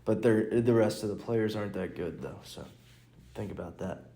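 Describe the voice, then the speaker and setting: Here a comedian who hosts a casual solo podcast meanders through anecdotes, laughing softly and beginning sentences again. He speaks at a normal speed with a lowish, dark voice, and the recording has a roomy echo.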